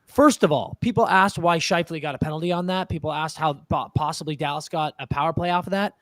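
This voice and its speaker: A man holds forth on a live sports podcast, animated and argumentative, cursing casually as he defends his point. His voice sits on the high side for a man. The sound is close and dry, with no room around it. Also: fast, no echo. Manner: animated, swears freely, argues his point. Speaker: podcast co-host. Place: podcast studio.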